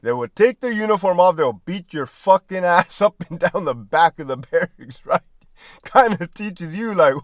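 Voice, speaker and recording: A man's voice: high voice, moderate pace, no echo, studio quality. A middle-aged man, a former prison guard and army veteran, talking casually and profanely, laughing often. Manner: animated, swearing, laughing often.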